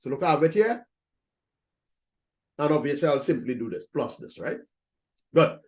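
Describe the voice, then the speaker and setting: A man's voice: on the high side, animated, normal speed. A man teaching accounting in a recorded lecture, talking students through entries step by step, repeating his points and checking in with "right?". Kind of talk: screen-recorded lecture walkthrough.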